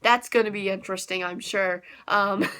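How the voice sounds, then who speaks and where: A woman's voice: mid-range voice, steady tone, normal speed, fairly bright tone, clean tone. A young woman giving a casual anime episode review, gushing and giggly, with frequent laughs and fillers.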